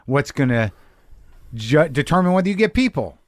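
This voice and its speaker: A man's voice: a little high, sing-song, normal speed, dry recording. A man hosting a podcast, musing in a rambling, self-deprecating way and chatting casually with a guest. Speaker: podcast host. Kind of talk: casual chat.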